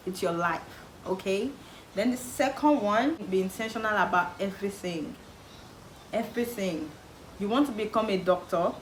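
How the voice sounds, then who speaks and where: Animated Nigerian woman in an echoey room. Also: mid-range voice. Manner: animated, acts out quoted relatives, emphatic repetition. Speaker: vlogger giving advice. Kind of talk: casual advice talk to camera. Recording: echoey room with faint background noise.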